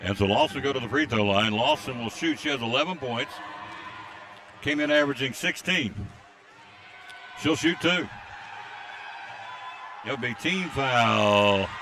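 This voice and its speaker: A man calling a high school basketball game play by play from courtside, reading out scores and listener greetings. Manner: rapid excited calls during fast plays, reads out listener greetings. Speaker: play-by-play announcer. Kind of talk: live basketball play-by-play commentary. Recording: faint crowd noise at a game.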